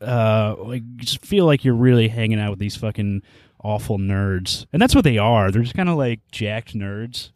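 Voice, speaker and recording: A man's voice: fairly low pitch, normal speed, darkish tone, no room sound. A man hosting a casual podcast chat, laid-back and rambling, laughing often as he talks. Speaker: podcast host.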